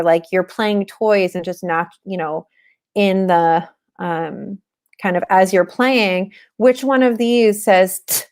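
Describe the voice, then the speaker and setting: Chatty woman teaching in a lower voice. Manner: frequent "um" and "you know" fillers, conversational. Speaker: webinar presenter on teaching reading. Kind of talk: casual instructional talk.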